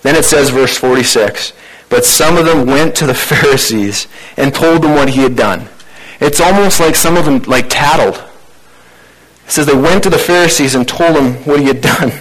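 A man preaching a sermon in a conversational way, asking rhetorical questions and rising in pitch for emphasis. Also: normal speed, a bit bright, low-quality recording. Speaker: pastor.

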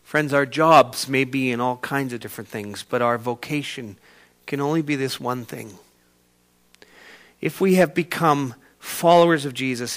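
A man preaching a sermon, retelling a story with sudden swings from quiet to loud. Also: mid-range voice. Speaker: pastor.

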